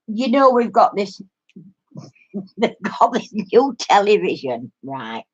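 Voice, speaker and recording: A woman's voice: medium pitch, big pitch swings, slow, husky. An older woman with a Yorkshire accent, a craft vlogger chatting to viewers and telling a story with lots of laughter. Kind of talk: casual chat to viewers. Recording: muffled lo-fi recording.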